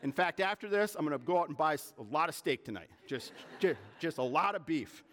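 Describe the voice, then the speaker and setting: Animated preacher man in a reverberant hall. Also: fairly high pitch. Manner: animated, gets worked up, fast bursts of indignation. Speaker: pastor. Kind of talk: sermon.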